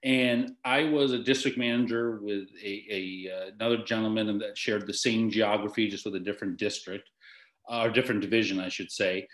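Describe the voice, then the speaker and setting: A middle-aged man, a guest in an interview, speaking haltingly with frequent restarts and pauses. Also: lowish voice, steady tone, a bit bright. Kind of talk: conversational interview. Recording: echoey room.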